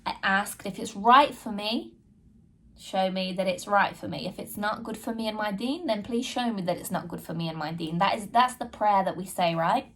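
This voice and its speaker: This podcast host speaks at normal speed in a medium-pitched, somewhat bright voice. She tells her listeners a personal story in a frank, sincere way, addressing them directly and reenacting things she said back then.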